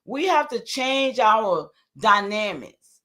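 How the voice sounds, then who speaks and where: Her voice runs on the high side, bright and forceful, swinging widely in pitch at a slow pace. This older livestream host rambles emphatically and talks back to comments from her viewers.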